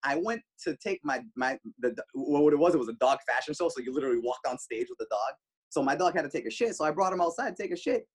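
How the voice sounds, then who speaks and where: A male radio host, the guest, telling animated stories casually, swearing freely. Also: fast talker, slightly rough. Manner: animated, swears freely, jumps pitch for quoted lines. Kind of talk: casual storytelling.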